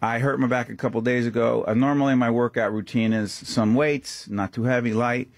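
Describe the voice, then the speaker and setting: A man hosts a talk radio show, speaking at a middling pitch with emphatic, impassioned commentary and pointed rhetorical questions. His voice is close and dry, straight into a studio microphone. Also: fairly even intonation, brisk, no room sound. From Newark, New Jersey. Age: 50s. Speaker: guest radio host.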